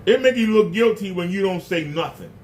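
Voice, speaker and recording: A man hosting his own channel rants to the camera with indignation, asking rhetorical question after rhetorical question. His high, animated voice moves a little fast over a faint hiss or hum.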